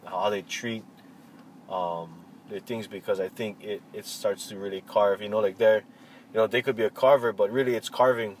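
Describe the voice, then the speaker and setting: A man answering interview questions in a relaxed, reflective way, pausing often with fillers and restarts. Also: on the low side, poor audio. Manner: halting, many fillers and restarts. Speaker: interviewee, cultural practitioner. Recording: faint vehicle noise behind.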